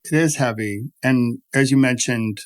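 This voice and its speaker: A man hosting a podcast, gentle and affirming as he talks with his guest. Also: medium pitch, measured pace. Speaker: podcast host. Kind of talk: interview conversation.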